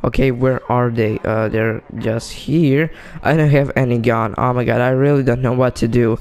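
Excitable gravelly man gaming. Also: mid-range voice, normal speed. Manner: excitable, talks to himself and teammates, frequent exclamations. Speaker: gamer. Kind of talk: excited gameplay commentary.

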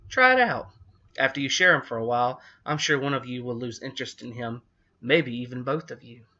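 A man's voice: mid-range voice, lively intonation, fairly quick, bright, forceful tone, lo-fi sound. A man voicing a stern, exasperated father in a storybook reading.

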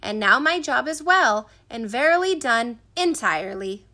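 A woman's voice: on the high side, animated, unhurried, sharp tone, heavily acted. A woman voicing a weary, self-important male tallyman who speaks in formal, proclaiming tones. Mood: solemn. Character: pompous weary man, a traveling census tallyman.

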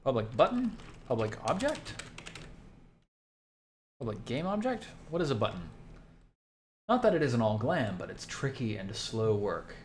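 Slow-talking man thinking aloud while coding. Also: medium pitch, sing-song. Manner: slow, thinking aloud, reading code and chat out. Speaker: game developer streamer. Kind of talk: casual live-stream talk while coding. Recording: faint background noise, keyboard typing.

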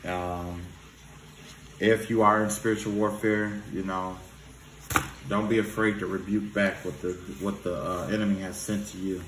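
A male spiritual reader gives advice in a loose, profane vlog, casually tossing in "you know what I'm saying" again and again. He speaks at a moderate pace with a fairly low pitch and flat delivery. The recording has a noisy background and roomy echo.

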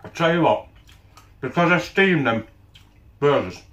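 Man, cooking vlog host, crude joking banter, slightly raised pitch, echoey kitchen. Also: animated, a little slow, fairly bright tone. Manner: blunt, sweary, jokey banter; talks with his mouth full while tasting. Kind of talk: casual cooking vlog chat. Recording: echoey room.

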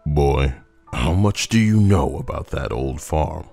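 A man voicing a stern old male farmer grandfather with a rough, crackling voice in a horror story. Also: extremely low pitch, expressive, slow, a little mellow, faint music behind, exaggerated voice. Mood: somber. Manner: scolding, firm.

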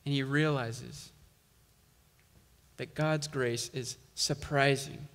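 A male pastor preaching a sermon, slow and emphatic, building intensity on key lines. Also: mid-range voice, fairly even intonation, fairly bright tone, in a large hall.

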